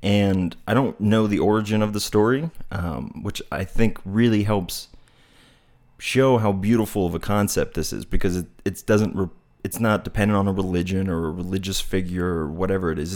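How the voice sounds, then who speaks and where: A man's voice: low-pitched, normal speed, a little mellow. A man giving a casual, reflective talk, telling a parable in a meandering, thoughtful way and searching for his words. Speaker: speaker on non-duality.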